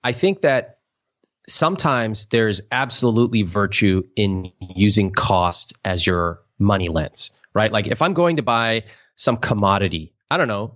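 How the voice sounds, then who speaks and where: A man hosting a podcast, telling stories in a casual, animated way and acting out quoted voices with big swings. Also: on the low side, muffled recording. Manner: animated storyteller, acts out quotes in exaggerated voices. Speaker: podcast host.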